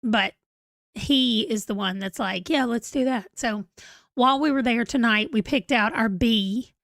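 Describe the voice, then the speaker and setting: A woman's voice: on the high side, measured pace, gravelly, a bit bright, no room sound. A woman in her forties hosting a casual livestream, chatty and rambling as she reads viewer comments aloud. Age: 40s. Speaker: book channel host.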